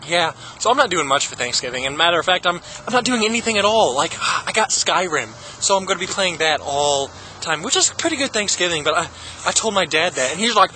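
Young guy, high animated voice, hyper goofball vlogger riffing on silly tangents. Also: fast talker, slight background noise. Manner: giggles often. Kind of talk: comedic impression vlog.

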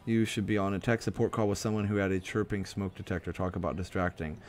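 Rambling lower-voiced male stream host. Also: flat delivery, fast, darkish tone. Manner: rambling, self-interrupting storyteller with frequent fillers. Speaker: livestream host. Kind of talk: casual live stream chat.

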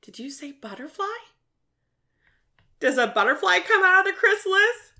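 Woman, preschool teacher, high bright voice, sing-song questions to little kids. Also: moderate pace, long pauses. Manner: animated sing-song teacher talk full of questions to young children. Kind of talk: virtual preschool science lesson.

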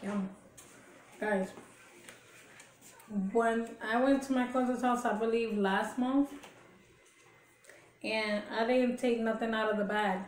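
Casting: woman mukbang vlogger, slightly high voice, chatty storyteller, recorded in a reverberant room. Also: fairly even intonation, slow pace, pauses often, slight background noise. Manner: chatty storytelling with laughs and chewing sounds. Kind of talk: casual chat while eating. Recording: echoey room.

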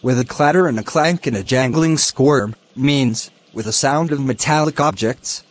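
A man teaching a poem, explaining its lines and word meanings slowly and deliberately. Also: medium pitch. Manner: slow, deliberate, glossing words one by one. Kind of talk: educational explanation.

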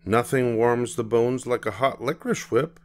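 An older man reading a storybook aloud, voicing a cheerful, resourceful pioneer mother in a raised voice with a bright, brisk manner. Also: medium pitch, fairly even intonation, voice pushed up, lightly acted.

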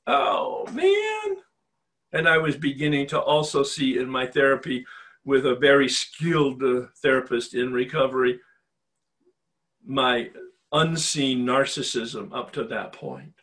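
An older man speaks at a spiritual recovery retreat, his pitch sitting in an ordinary middle range. He tells his own story in a frank, confessional way. He presses his listeners with emphatic rhetorical questions. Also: animated, a little slow, fairly bright tone. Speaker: retreat facilitator.

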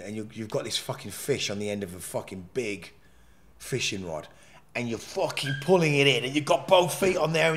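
A man, talking candidly in a podcast interview. He swears constantly, jumps between loud outbursts and low mutters, and restarts his sentences as the stories pour out. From England. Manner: animated, profane, rambling with frequent restarts. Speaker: podcast guest.

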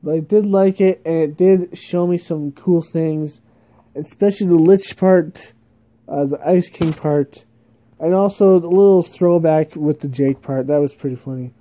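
A man's voice: fairly high pitch, a little slow, dark tone. A man chatting casually as a YouTube reviewer, rambling with lots of fillers and little laughs, sounding sleepy. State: sleepy, yawning.

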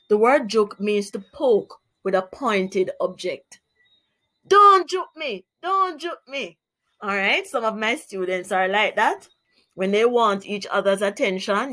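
A woman teacher with a Jamaican accent reads a children's story aloud and then walks through new words for young pupils. She speaks slowly and clearly in an explanatory tone, at a middle pitch. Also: a bit bright. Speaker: primary school teacher. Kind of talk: children's read-aloud and vocabulary lesson.

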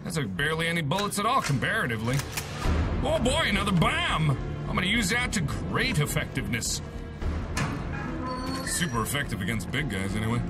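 A young man joking his way through a horror game, his voice high and swinging wildly up and down as he exclaims and teases. Loud game music runs right under his talk. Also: sing-song, a little fast, pauses often. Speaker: host. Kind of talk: let's-play commentary.

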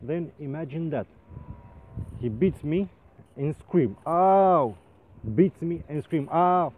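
A man telling a funny story in halting English, full of restarts and comic exaggeration. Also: on the high side, warm tone, breathy edge. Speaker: rope access painter. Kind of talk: casual storytelling vlog. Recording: phone-like sound with faint noise.

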